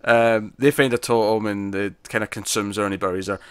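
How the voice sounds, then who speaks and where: A man's voice: lowish voice, steady tone, a little fast, fairly bright tone, clean tone, no echo, studio quality. A man co-hosting a podcast, chatting casually about TV episodes and rambling with frequent restarts. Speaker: podcast co-host. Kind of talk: casual TV review chat.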